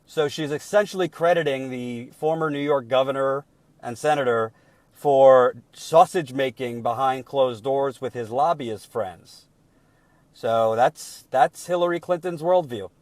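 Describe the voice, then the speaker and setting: A man giving indignant political commentary while reading out leaked emails, emphatic and deliberate, with many repeated restarts. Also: mid-range voice, a little mellow, dry recording. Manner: deliberate and slowed when troubled.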